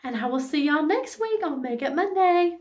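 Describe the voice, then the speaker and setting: A woman, gushing excitedly and saying "y'all" as she walks through a casual makeup tutorial. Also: high-pitched, normal speed. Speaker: beauty vlogger.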